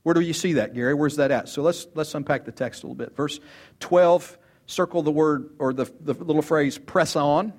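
A man's voice: on the high side, a little fast, darkish tone. A man preaching an expository sermon with emphatic delivery, repeating words and rising sharply on quoted lines. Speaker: pastor.

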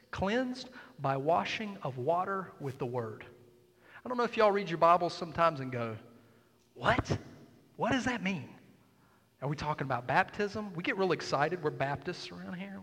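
A man preaching a sermon as pastor, swinging between hushed near-whispers and loud emphatic calls. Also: a little high. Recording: long reverb of a large hall.

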